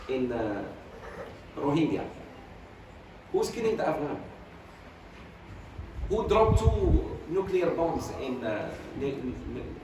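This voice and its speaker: Fiery man lecturing in an echoey hall. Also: fairly high pitch. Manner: fiery, emphatic volleys of rhetorical questions; sprinkles Arabic religious phrases. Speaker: sheikh teaching Quran commentary. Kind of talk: religious class lecture. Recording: very echoey, distant mic, noisy.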